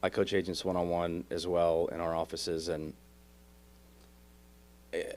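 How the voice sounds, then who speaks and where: A man's voice: low voice, level tone, unhurried, a little mellow. A man with a Texan accent who coaches real estate agents, reflecting on his coaching on a podcast. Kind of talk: podcast conversation.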